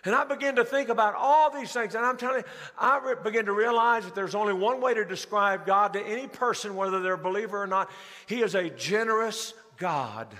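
A man preaching a sermon in a large church, his voice high and bright. He swings between quick bursts and slow, drawn-out stressed words. The sound carries a long hall reverb. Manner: preaching with rising emphasis and slowed, stressed phrases. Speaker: pastor.

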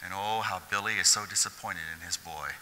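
A man preaching a sermon as pastor, swinging from hushed asides to loud, excited preaching. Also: low-pitched, brisk, slight background noise. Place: church hall. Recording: long hall reverb.

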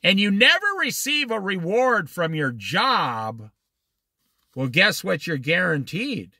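This middle-aged man's voice sits high with a breathy edge, captured dry at studio quality. Leading a casual Bible study, he spins folksy, animated stories and stresses words slowly and emphatically.

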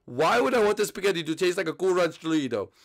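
Male host of game role-play, a bit higher voice, gravelly, lively delivery. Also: fast talker. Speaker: channel host. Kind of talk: Minecraft role-play commentary.

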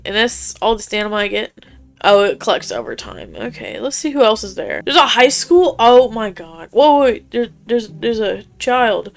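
A woman's voice: fairly high pitch, very animated, moderate pace, gravelly. A young woman giving casual gameplay commentary, chatty and laughing often, reading game dialogue aloud and swearing casually. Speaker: gaming YouTuber.

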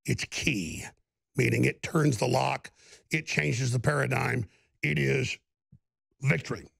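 A man hosting a talk show pours out an emphatic, rambling monologue. His voice is deeply gravelly and thick with rasp. It sounds close and completely dry, with no room around it. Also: slow, a bit bright, no room sound.

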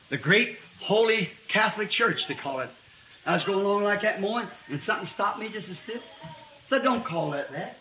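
High-voiced preacher on an old muffled tape. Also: male voice, a little hiss or hum. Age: 50s. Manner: rises to loud emphatic preaching, drops to quiet asides. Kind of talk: sermon. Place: church before a congregation. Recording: muffled lo-fi 1960s sermon tape.

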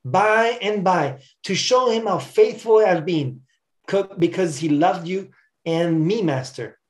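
A man's voice: high voice, slow, roomy sound. A faithful enslaved preacher speaks with earnest, pleading devotion, as a preacher reads his words aloud. The voice stays close to the reader's own, just a little raised. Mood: devoted.

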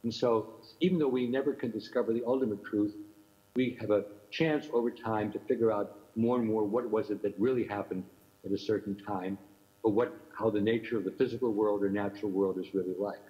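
In this muffled, lo-fi recording, an older man presents a keynote academic lecture with a thoughtful air, repeating rhetorical questions for an audience located in another time zone. His voice sits on the low side, with fairly flat intonation and a fairly brisk delivery.

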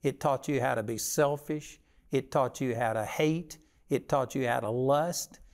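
A man's voice: medium pitch, a little slow, creaky, a little mellow. An older man preaching a sermon with folksy stories and a plain, conversational delivery.

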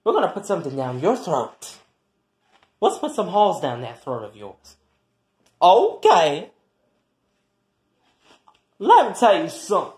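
A performer in an improvised comic quarrel, trash-talking and taunting with heavy swearing and swinging between loud jeers and low mutters. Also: wildly swooping pitch, unhurried, pauses often, echoey room. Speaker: comedy skit performer.

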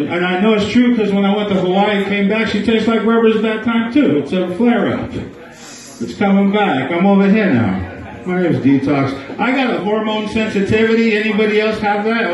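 A man's voice: high voice, darkish tone, distant mic, muffled recording. A man doing a crude live stand-up set in a small bar, riffing with the crowd. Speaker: stand-up comedian. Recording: echoey bar, mic heard from afar.

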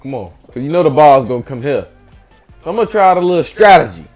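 A man's voice: fairly high pitch, sing-song, fast, darkish tone, soft background music. A young man hosting a gaming channel, giving hyped let's-play commentary, trash-talking and chanting catchphrases while he plays.

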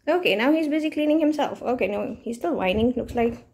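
A woman's voice: a little high, lively intonation, brisk, creaky, darkish tone. A young woman vlogging at home in her bedroom, casually talking to the camera and playfully scolding her dog. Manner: playful, scolding baby talk to a pet.

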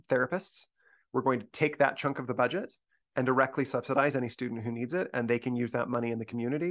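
Fast-talking man thinking aloud. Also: medium pitch, vocal fry, fairly bright tone. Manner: earnest, thinks aloud with restarts. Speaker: speaker briefing university faculty. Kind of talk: conversational discussion talk.

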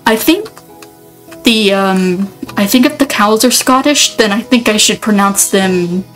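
A woman's voice: mid-range voice, unhurried, a bit bright, soft background music, rough recording. A woman giving casual gameplay commentary, rambling and thinking aloud, often cutting herself off mid-sentence. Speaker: let's player.

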